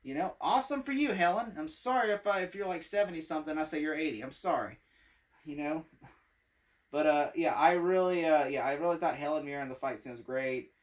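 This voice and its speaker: Male movie reviewer, higher-pitched voice, casual and rambling, lots of fillers. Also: brisk, recorded from a distance. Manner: rambling, many fillers, laughs often.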